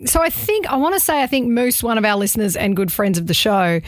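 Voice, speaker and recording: A woman's voice: a little high, quick pace, no echo. Chatty Australian woman with a dry sound. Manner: chatty, laughing, expressive. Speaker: podcast co-host. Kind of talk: casual chat.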